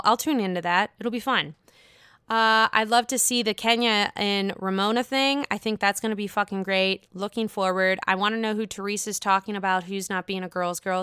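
A woman's voice: medium pitch, bright, forceful tone, clean tone, dry recording, clean studio sound. A young woman hosting a podcast, recapping reality TV in a blunt, profane and sarcastic way. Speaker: podcast host.

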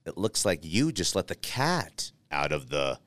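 A man hosting a casual sports talk show, debating playoff chances in an animated, playful way and thinking out loud. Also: low-pitched, a little slow, no echo.

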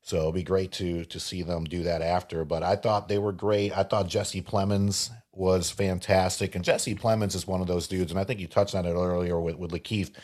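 A man's voice: low-pitched, flat delivery, moderate pace, hardly any pauses, a little mellow. A man co-hosting a podcast, chatting loosely about a film, rambling and laughing often. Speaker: podcast co-host. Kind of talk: casual movie chat with read ad spot.

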